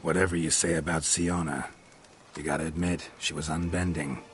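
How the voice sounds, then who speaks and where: An actor playing a weary, gruff male monster hunter in a video game, speaking in clipped, dry, low-key lines. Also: level tone, moderate pace. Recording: game audio with music underneath. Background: music.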